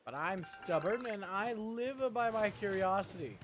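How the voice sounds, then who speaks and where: A man chats his way through a video game stream in a fairly high voice that swings up and down a lot. He rambles playfully, muttering to himself and cracking little jokes as he plays. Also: lively intonation, measured pace, over music. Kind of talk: casual gameplay commentary.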